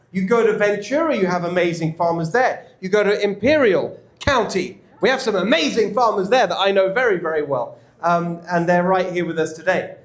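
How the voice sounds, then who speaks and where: A man with an English accent answering audience questions at a campaign event, emphatic and energetic. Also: high voice. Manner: emphatic and energetic, quick restarts. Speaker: political candidate speaking at a club event. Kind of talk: campaign Q&A speech. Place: indoor event room with an audience. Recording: echoey room.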